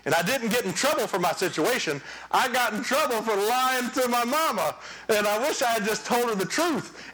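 High-voiced, animated man preaching. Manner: animated, joking, storytelling. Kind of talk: sermon.

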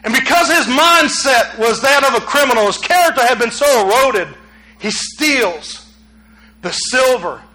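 A man's voice: very high voice, measured pace, low-quality recording. A man preaching a sermon, telling stories animatedly and acting out quotes. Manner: animated storytelling with acted quotes, rising to near shouts.

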